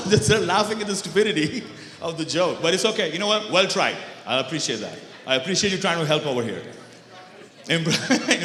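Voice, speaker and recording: A man's voice: sits high, sharp tone. A man from Pakistan doing stand-up comedy, bantering with the crowd and slipping between English and Urdu. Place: large banquet hall. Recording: echoey banquet hall with long reverb.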